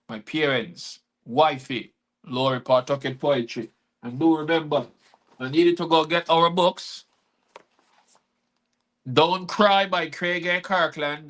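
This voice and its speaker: A man's voice: on the high side, pushed and bright. A man hosting a live-stream chat who performs his spoken-word poetry in a rhythmic delivery. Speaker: host and poet.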